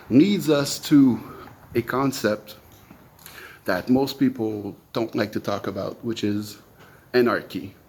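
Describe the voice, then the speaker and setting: A man hosting a solo podcast, explaining ideas slowly and reflectively, step by step. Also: medium pitch, slight background noise. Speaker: podcast host.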